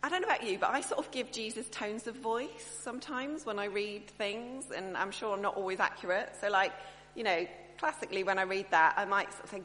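A woman's voice: medium pitch, brisk. Chatty woman preaching in an echoey hall. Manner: chatty, expressive, self-interrupting. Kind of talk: sermon. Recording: echoey hall, faint hum.

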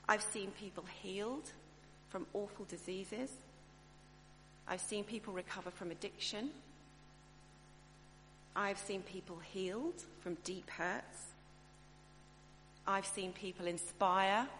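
A woman preaching a sermon in a chatty, expressive way, often breaking off and restarting her thoughts. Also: mid-range voice. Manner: chatty, expressive, self-interrupting. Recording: echoey hall, faint hum.

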